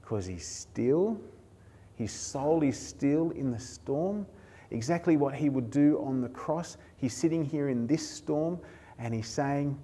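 A man preaching a sermon as pastor, emotional, moving between hushed and raised passages. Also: a little high, animated, slow pace, slightly rough.

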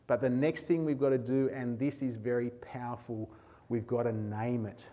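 A man's voice: mid-range voice, level tone, normal speed, mellow. A middle-aged man preaching a sermon, earnest and emphatic, building his points through repeated lists and refrains. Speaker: pastor.

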